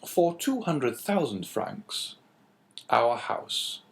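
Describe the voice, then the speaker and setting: A man's voice: medium pitch, big pitch swings, extremely slow, vocal fry, heavily acted. Man voicing a cool, phlegmatic Englishman. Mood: measured. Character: calm, phlegmatic English businessman.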